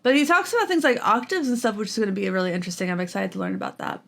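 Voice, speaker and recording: A woman's voice: mid-range voice, sing-song, rapid-fire, creaky, a bit bright. A woman vlogging casually about guitar gear at home, chatty and self-deprecating, with lots of fillers and giggles. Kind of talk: casual chat while practicing.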